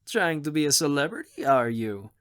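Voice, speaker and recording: A man's voice: a little high, big pitch swings, normal speed, fairly bright tone. A man reading an audiobook, voicing a charming male hotel manager in his fifties who talks with genial, teasing assurance. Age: 50s.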